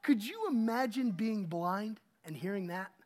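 A man preaching a sermon as pastor, swinging between loud emphasis and hushed asides. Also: high voice, lively intonation, unhurried.

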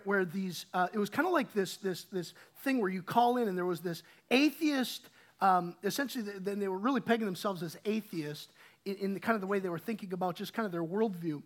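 A man in his thirties preaching a casual, conversational sermon, swinging from quiet asides to emphatic bursts and often repeating words as he restarts. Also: sits high. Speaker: pastor.

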